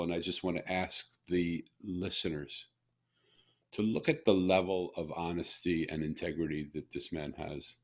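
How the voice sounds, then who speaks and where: Deep gravelly middle-aged man, earnest host. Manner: earnest, emotional storyteller with frequent restarts. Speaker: podcast host. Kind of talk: heartfelt conversational interview.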